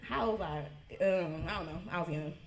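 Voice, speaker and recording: A woman in her twenties telling a funny family story at a party, lively and acting out the quotes, laughing through her lines. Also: lowish voice, moderate pace. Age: 20s. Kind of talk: animated storytelling. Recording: echoey room.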